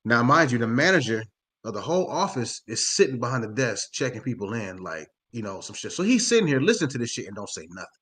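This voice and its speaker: Speaking at a medium pitch and at a fast clip, a man recounts a story in loose podcast conversation. He's lively and foul-mouthed, imitating the voices of the people he describes.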